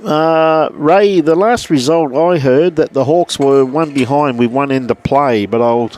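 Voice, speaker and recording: Speaking with an Australian accent, a man calls a lawn bowls livestream and gives viewer shout-outs, friendly and talkative, from behind a glass window indoors next to the green. His pitch is fairly high, his pace a little slow, his tone a little mellow, and there's no room sound.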